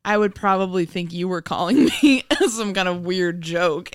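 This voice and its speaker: A woman's voice: lowish voice, normal speed, clean tone, no echo, studio quality. A young woman co-hosting a casual chat show, joking playfully and giggling often. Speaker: podcast co-host.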